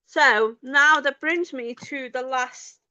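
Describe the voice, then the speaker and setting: A woman vlogging in casual chat, talking in a halting, hesitant way with many fillers. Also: high voice, sharp tone, smooth, dry recording.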